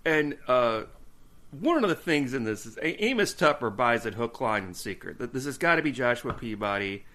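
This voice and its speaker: Male co-host, bright tone, animated pitch, chatty, laughs easily. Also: normal speed. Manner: chatty, laughs often, hesitant with fillers. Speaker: podcast co-host. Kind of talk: casual chat.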